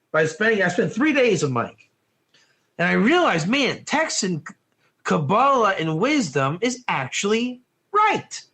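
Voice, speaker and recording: A man teaching an online Torah class in a lively, joking way, firing questions at his students. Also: high voice. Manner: animated, asks the class questions, often says "one or two", laughs at own jokes.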